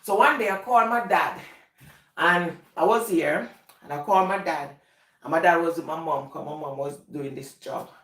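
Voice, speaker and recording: A woman's voice: deep voice, normal speed, a bit bright. Laughing Jamaican woman telling stories. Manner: rambling, laughs often while telling stories. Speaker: vlogger. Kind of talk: casual storytelling. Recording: echoey room, voice from a distance.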